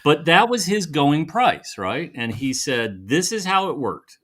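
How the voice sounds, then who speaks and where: A man's voice: fairly high pitch, unhurried, breathy edge. A man co-hosting a casual live chat show, telling a long anecdote and acting out the people in it. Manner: animated storyteller acting out quoted voices. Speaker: podcast co-host.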